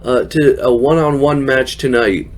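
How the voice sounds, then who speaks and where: A man giving a casual recap of a televised show, chatty, laughing often and filling pauses with fillers. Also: medium pitch, fairly even intonation. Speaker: wrestling recap host.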